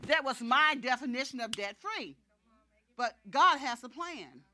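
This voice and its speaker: Lively woman telling a faith testimony. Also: high-pitched, a little slow. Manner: animated, laughs often, acts out dialogue. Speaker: speaker giving a faith testimony. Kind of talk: storytelling testimony to a congregation.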